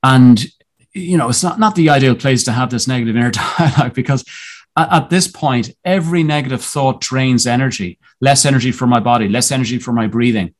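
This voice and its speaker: Speaking at a medium pitch, this male podcast guest shares something from his own life. He comes across as thoughtful and sincere, often breaking off mid-sentence to begin again.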